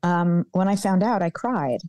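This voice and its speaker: Woman, podcast guest, emphatic and animated, lowish pitch, dry close sound. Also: unhurried, no room sound. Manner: animated and emphatic, repeats words for stress. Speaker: guest, former football team executive. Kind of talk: podcast interview.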